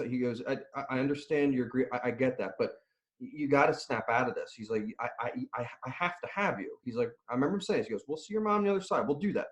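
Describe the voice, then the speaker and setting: A middle-aged man, a nutrition and strength coach, telling stories in a casual interview, laughing and restarting often. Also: mid-range voice. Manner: animated, laughing storyteller with many restarts.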